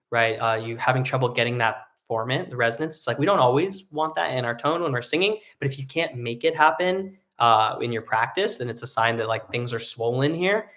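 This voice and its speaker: A man who sings tenor, teaching a live singing lesson in a relaxed, explanatory way, with hummed and sung demonstrations. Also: medium pitch. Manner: explains casually, demonstrates hums and sung vowels.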